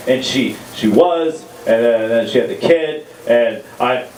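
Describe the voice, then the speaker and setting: A man's voice: mid-range voice, unhurried, darkish tone, reverberant, recorded from a distance, a little hiss or hum, low-quality recording. A man doing a crude, rambling, self-mocking stand-up set into a stage mic at a live comedy venue. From Texas.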